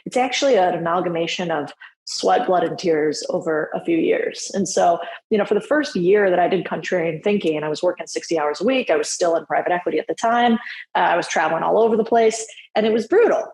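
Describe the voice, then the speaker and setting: Woman guest, lower register, candid and quick to laugh, echoey room. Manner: candid, laughs easily, lively quoting. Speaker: podcast guest. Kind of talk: casual interview talk.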